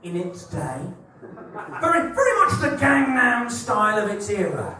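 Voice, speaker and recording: A man's voice: high-pitched, wildly swooping pitch, unhurried, bright, forceful tone. A man performing stand-up comedy live in a small club, with a wry, ironic delivery and repeated setups. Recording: echoey room, mic at a distance.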